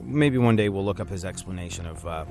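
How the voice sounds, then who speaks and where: A man's voice: deep voice, quick pace, music in the background. A man hosting a radio show, rambling through jokes and laughing often. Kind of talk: casual banter on a radio show.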